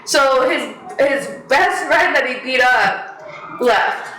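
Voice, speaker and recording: Young woman on a podcast, super animated storytime, high bright voice. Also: slow pace, roomy sound, low-quality recording. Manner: animated, swears a lot, laughs often. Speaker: podcast co-host. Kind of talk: casual storytelling chat.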